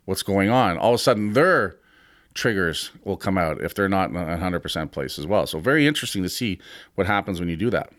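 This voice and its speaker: A man in his fifties speaks in a fairly low voice, close and dry with no room sound. He talks as a podcast host giving casual motivational advice, blunt and frank with the odd swear word. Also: lively intonation, brisk, a bit bright, no echo. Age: 50s. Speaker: podcast host and gym owner.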